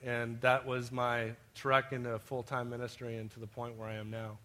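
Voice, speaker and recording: A man's voice: medium pitch, monotone, normal speed, bright, forceful tone. A man preaching a sermon, telling personal stories and addressing his listeners as beloved. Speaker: pastor.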